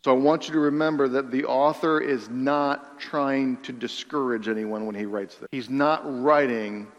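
A man preaching a sermon in an earnest way, repeating phrases for emphasis and dropping to a hush on key lines. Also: medium pitch, steady tone, moderate pace, long reverb tail, lo-fi sound. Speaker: pastor.

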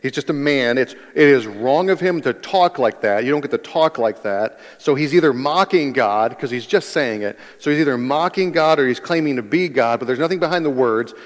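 A man's voice: mid-range voice, animated, normal speed, few pauses. A man preaching a sermon in an earnest way, repeating key phrases for emphasis. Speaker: pastor. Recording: long hall reverb.

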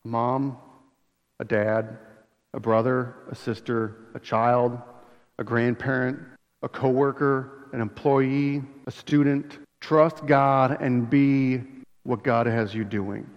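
A male pastor delivering a sermon with animated storytelling and emphatic repetition. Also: medium pitch, slow. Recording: dull sound in a long-echo hall.

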